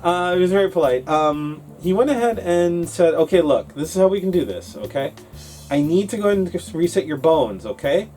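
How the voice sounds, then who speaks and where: A man co-hosting a casual English-learning talk show, telling a story in an animated way and acting out his younger self. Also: on the high side, brisk, soft background music.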